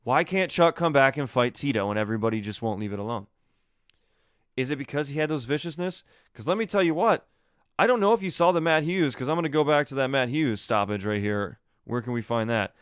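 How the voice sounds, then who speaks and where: A man hosting his own solo podcast, giving opinionated commentary in an emphatic, animated way full of rhetorical questions. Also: medium pitch, fairly quick, clean tone, no room sound, clean studio sound. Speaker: podcast host.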